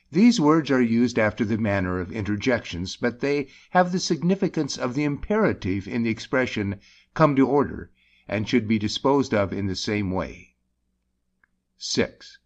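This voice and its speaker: A man reading a grammar book aloud in a measured, deliberate way, lifting his voice on the example exclamations. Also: fairly low pitch, highs cut off. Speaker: audiobook reader.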